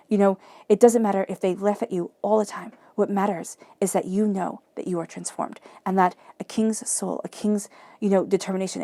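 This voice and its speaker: A woman gives a tarot reading, speaking earnestly and encouragingly straight to her listener. Her voice is mellow with a gravelly edge. The sound is dry and close, with no room around it. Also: no room sound. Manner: earnest, emphatic and encouraging, addressing the listener directly; softens into a low murmur when chanting questions to the cards. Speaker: tarot reader.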